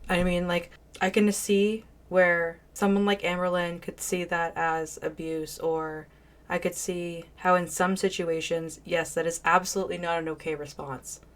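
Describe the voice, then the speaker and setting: Woman, deep voice, reaction commentary, blunt, exasperated, sarcastic.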